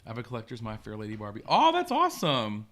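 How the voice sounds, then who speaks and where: Man, host, casual live-stream chat, bright tone, enthusiastic, reacts to viewers. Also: medium pitch, wildly swooping pitch, fast talker.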